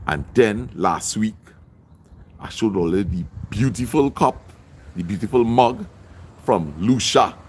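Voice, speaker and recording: A man's voice: on the low side, slight background noise. Chatty man on a livestream. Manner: chatty, shouts out viewers by name. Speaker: livestream host. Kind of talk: live-stream chat, reading comments.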